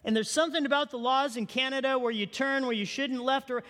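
A man preaching a sermon as pastor, telling animated stories and asking the congregation questions. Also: very high-pitched, fast talker, few pauses, big-room sound.

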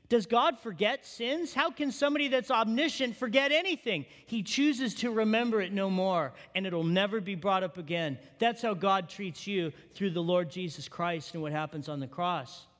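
A man preaching a sermon as pastor, telling animated stories and asking the congregation questions. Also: high voice, in a large hall.

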